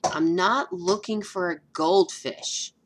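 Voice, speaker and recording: A patient young girl from a storybook, answering in a dry, matter-of-fact tone, as a woman reading aloud puts her on. Her voice sits fairly low. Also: slow, background noise.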